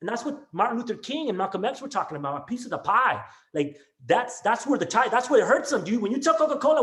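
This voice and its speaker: A man's voice: extremely high pitch, animated, fast talker, hardly any pauses, echoey room. A man who teaches elementary school, speaking with raw emotion in a class discussion on a video call, rambling, restarting and peppering his talk with "man" and "dude".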